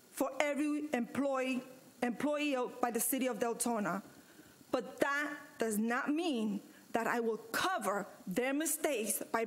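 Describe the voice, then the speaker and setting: High-voiced woman speaking firmly at a meeting. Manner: firm and emphatic, repeating points with pauses. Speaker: vice mayor on a city commission. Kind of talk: formal statement at a public meeting. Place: city commission chamber.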